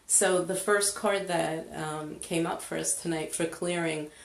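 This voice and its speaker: A woman leading a live money-clearing session, chatty and casual, greeting viewers as she goes. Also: fairly low pitch, steady tone. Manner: chatty, slow, greets viewers, laughs often. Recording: echoey room.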